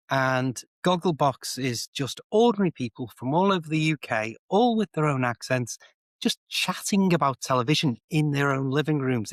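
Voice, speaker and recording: A man's voice: mid-range voice, no room sound. A man with a Liverpool accent chatting casually as a co-host, explaining phrases with rambling everyday examples. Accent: Liverpool English. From England. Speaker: co-host, English teacher. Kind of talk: casual chat. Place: indoor home office.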